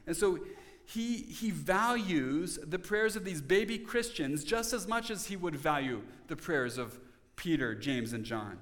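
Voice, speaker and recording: A man's voice: high-pitched, a little slow, fairly bright tone, long reverb tail. A man preaching a Sunday sermon as pastor, earnest and conversational, often restarting and repeating words. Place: church sanctuary.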